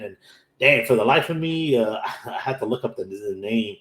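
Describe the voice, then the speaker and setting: A man's voice: lowish voice, expressive, a little fast, fairly bright tone. An American man from Houston hosting a casual anime episode recap. He tells the story loosely, full of "like" and "you know", and acts out the characters' lines in his own voice. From Houston, Texas. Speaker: anime podcast host. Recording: roomy echo.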